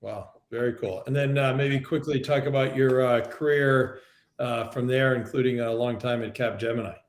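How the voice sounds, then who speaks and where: Male interview host, halting delivery, reverberant room sound. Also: medium pitch, fairly even intonation. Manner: hesitant, many fillers. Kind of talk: interview questions.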